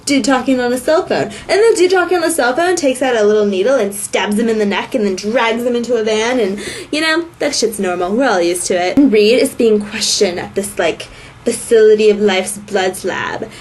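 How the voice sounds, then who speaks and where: A snarky woman recapping a web series in a chatty, valley-girl style voice, full of "she's all like" asides. Her pitch sits a little high, and her tone stays sarcastic and deadpan as she mocks the plot. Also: fairly quick, slight background noise. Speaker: vlogger. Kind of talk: casual recap vlog.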